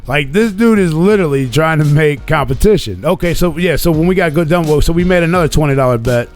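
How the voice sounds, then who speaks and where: A man's voice: a little high, animated, fast, soft background music. A man hosting a radio show, casually telling a long, profane, rambling story about a weekend away. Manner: profane, rambling, laid-back.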